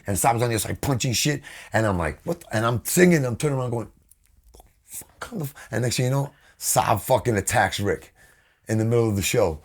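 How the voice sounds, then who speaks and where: Gravelly New York man telling stories. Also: mid-range voice, fast talker. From Brooklyn, New York. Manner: animated, swearing, acts out quotes. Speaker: guest vocalist. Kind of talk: casual storytelling interview.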